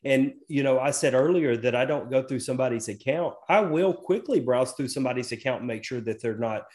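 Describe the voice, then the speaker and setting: A middle-aged man chats casually on a podcast. He is easygoing and folksy, and drifts into side remarks. His voice sits at an ordinary middle pitch. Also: a little fast, darkish tone. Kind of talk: casual chat.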